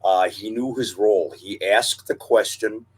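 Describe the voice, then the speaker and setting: A man co-hosting a podcast, telling wrestling history in a measured, knowledgeable way. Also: lowish voice, slightly rough. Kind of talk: casual chat.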